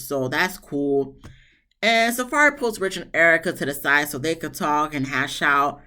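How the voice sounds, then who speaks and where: A woman casually recapping a TV episode, chatty and animated, with sarcastic asides. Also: moderate pace. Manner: chatty, animated, mock-quotes people with big pitch swings. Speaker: TV show reviewer.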